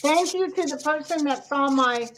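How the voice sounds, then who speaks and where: A woman's voice: sits high, moderate pace, fairly bright tone, a little hiss or hum. A woman joining a casual chat as guest psychic over a video call, talking in rambling, trailing sentences. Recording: dull lo-fi call audio.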